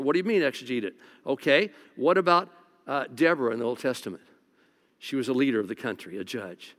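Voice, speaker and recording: Folksy pastor preaching in a reverberant hall. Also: male voice, a little high, expressive, a bit bright. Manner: casual, joking, with quick restarts. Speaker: lead pastor. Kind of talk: conversational sermon. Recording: long reverb of a large hall.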